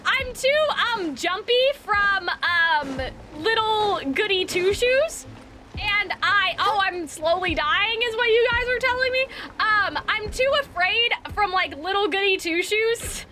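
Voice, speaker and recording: Young woman gaming streamer, very high voice, lively and shrieky, casual rambling, game music playing over her home mic. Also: a little slow. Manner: excitable, screams and rambles, says like and bestie a lot. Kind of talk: casual live gameplay commentary.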